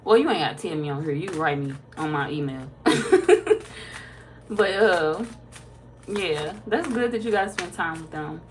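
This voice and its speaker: On a livestream, a tarot reader with a low-sitting voice reads viewers' comments aloud and chats with them. She comes across relaxed and laughs easily.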